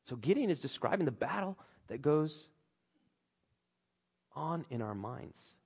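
In an animated sermon, a male pastor brings scripture characters to life, voicing their lines with large swings in pitch.

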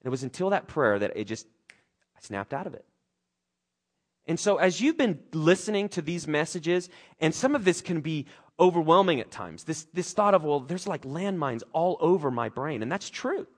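A man preaching a sermon as a pastor, earnest and open about his feelings, his delivery swinging between loud urgency and soft reflection. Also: on the high side, expressive, moderate pace.

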